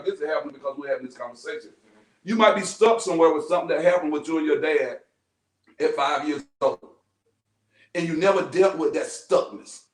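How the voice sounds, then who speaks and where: A man hosting a podcast, talking with teens in an animated, storytelling way. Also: on the high side. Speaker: podcast host. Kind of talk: casual group discussion. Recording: echoey room from far off.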